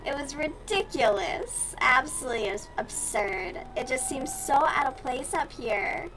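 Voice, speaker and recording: A woman's voice: high voice, expressive, unhurried, fairly bright tone, soft background music, rough recording. A young woman from the US South chatting casually and bluntly with her stream viewers while she crochets, with plenty of swearing.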